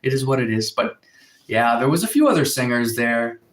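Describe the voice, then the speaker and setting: A man's voice: mid-range voice, animated, a little fast, a bit bright, reverberant. A man chatting casually on a livestream from home, rambling with lots of fillers and reading viewer comments aloud. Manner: rambling, filler-heavy storytelling, reads chat aloud. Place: indoors at home, in a room with a window. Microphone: phone.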